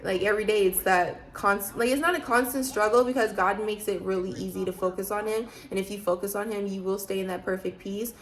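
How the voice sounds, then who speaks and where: A woman's voice: mid-range voice, steady tone, fairly quick, few pauses. A woman vlogger talking casually about faith, emphatic and preachy, with many rhetorical questions. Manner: loose, chatty, frequent fillers. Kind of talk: casual faith talk to camera.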